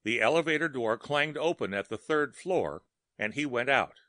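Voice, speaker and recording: A man narrating a story in a measured, dramatic reading. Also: mid-range voice, animated, pushed and bright, dry recording, studio quality.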